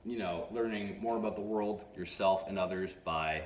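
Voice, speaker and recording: Deep-voiced man giving halting advice. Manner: halting, frequent restarts and stutters; unhurried, measured pauses. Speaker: self-improvement channel host. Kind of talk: advice monologue to camera. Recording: echoey room with faint noise.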